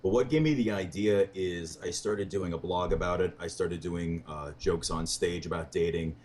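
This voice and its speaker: A man's voice: low-pitched, moderate pace, a little hiss or hum. A man, a comedian guest, telling dating stories in a casual interview and acting out what people said. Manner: animated, quotes people in dialogue.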